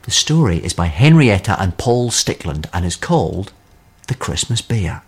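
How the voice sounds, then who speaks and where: Expressive male storyteller reading aloud. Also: sits low, normal speed, slightly rough.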